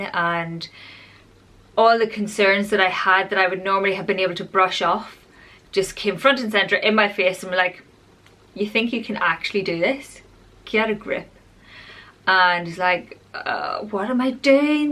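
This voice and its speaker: A woman's voice: mid-range voice, pushed and bright. A woman talking openly in a personal vlog, rambling and confessional in a chatty way. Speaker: vlogger.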